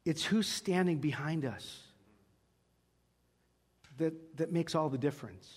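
A man's voice: a little high, takes it slowly, pauses often, slightly rough. A man preaching a sermon, telling a story with acted-out dialogue before moving into scripture. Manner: animated storyteller acting out dialogue. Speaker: pastor. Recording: long hall reverb.

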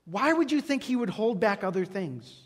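A man with a high voice preaches in a sanctuary, and his words ring on in the long reverb of the hall. He tells stories animatedly and acts out each exchange before turning to scripture. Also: moderate pace, breathy edge. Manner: animated storyteller acting out dialogue. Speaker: pastor. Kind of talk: sermon with storytelling.

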